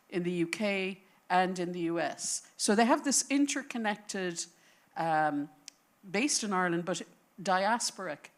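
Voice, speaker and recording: A woman speaking on a panel, telling a history as a story in an animated, thinking-aloud way. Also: mid-range voice. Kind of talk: conversational panel talk. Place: lecture panel before an audience.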